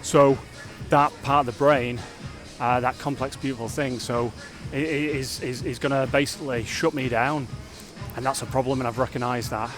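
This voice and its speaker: A man of medium pitch chats to camera about his training, energetic and a little rambling, often circling back on his own words. He sounds self-reflective and open, like a vlogger, with faint music playing behind him. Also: moderate pace. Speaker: fitness vlogger. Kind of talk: casual vlog talk to camera.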